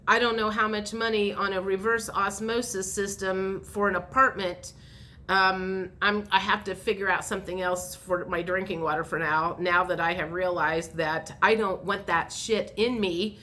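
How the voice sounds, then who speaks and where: A woman in a casual vlog, telling a long everyday story in a chatty, rambling way. She speaks at an ordinary middle pitch and trips over her words with fillers and restarts as she goes. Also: level tone, a little slow, sharp tone. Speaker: vlogger.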